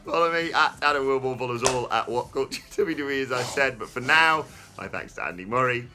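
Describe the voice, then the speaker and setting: A man hosting a casual podcast chat, his voice bright and forceful. He talks in an animated way, exclaiming and laughing often. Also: medium pitch, fast, faint music behind. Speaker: host.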